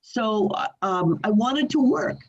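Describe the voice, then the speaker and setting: An older woman speaks from her home over a video call, telling an animated story with frequent laughs and false starts. Her pitch sits in the middle for a woman. The audio is dull and lo-fi. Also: takes it slowly. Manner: animated, laughing, restarts often. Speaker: singer, interview guest. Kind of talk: storytelling in a remote interview.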